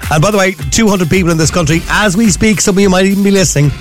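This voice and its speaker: A man with an Irish accent hosting a late-night radio talk show, chatting in a lively, rambling way with asides. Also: high voice, rapid-fire, faint music behind.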